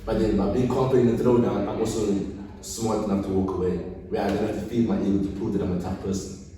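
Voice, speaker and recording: Male podcast guest, lively storyteller, dark low tone, recorded off-mic in a reverberant room. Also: fast, far from the mic. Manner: animated storyteller, swings from quiet to loud. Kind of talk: casual podcast chat. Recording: echoey room, speaker off-mic.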